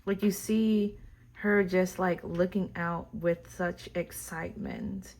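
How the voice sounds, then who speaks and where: A woman with a fairly low voice gives a casual tarot reading to her viewers. She gushes over each card and talks straight to the camera audience. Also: fairly even intonation, slow pace, darkish tone. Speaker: tarot reader.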